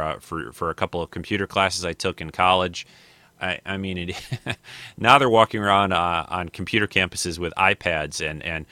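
A man in his fifties hosts a casual podcast with a deep voice and a bright, forceful edge. He rambles, restarts sentences and leans on fillers. The sound is close and dry. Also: dry recording. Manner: rambling, many fillers and restarts, thinks aloud. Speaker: podcast host.

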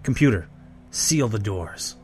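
A man's voice: fairly low pitch, expressive, unhurried, darkish tone, a little hiss or hum. A man voicing a cruel, methodical alien doctor who snarls with cool menace. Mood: menacing.

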